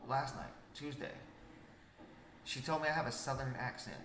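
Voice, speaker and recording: Casual, profane and teasing, this young Washington state man hosts a podcast chat at a moderate pace. His voice sits at medium pitch with a fairly bright tone, and the echoey room adds faint noise.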